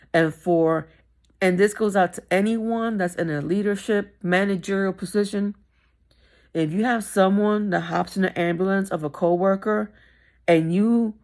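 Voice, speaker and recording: A woman's voice: fairly low pitch, creaky. A middle-aged woman telling a personal story in a vlog, candid and emphatic, repeating phrases for stress. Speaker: vlogger.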